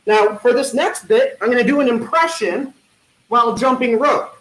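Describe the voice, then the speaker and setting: A man doing stand-up one-liners at an online talent show, with a deadpan punning delivery and hesitant fillers. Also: very high-pitched, moderate pace. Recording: echoey room.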